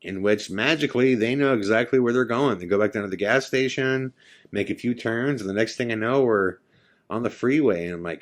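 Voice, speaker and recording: A man's voice: mid-range voice, brisk. A middle-aged man hosting a podcast, telling a personal story in a loose, conversational way full of fillers. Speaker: podcast host. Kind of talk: casual storytelling of a personal ghost experience.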